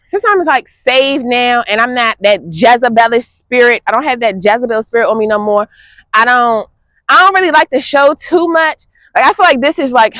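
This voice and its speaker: A young woman, chatting casually to her viewers in an animated way, laughing often. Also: fairly high pitch, dry recording. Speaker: fitness vlogger. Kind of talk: casual vlog chat to viewers.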